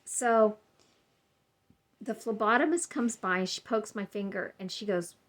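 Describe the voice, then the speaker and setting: A woman's voice: mid-range voice, measured pace. A woman vlogger casually telling a personal story to her camera at home, rambling and acting out what other people said. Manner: chatty, rambling, acts out quoted people.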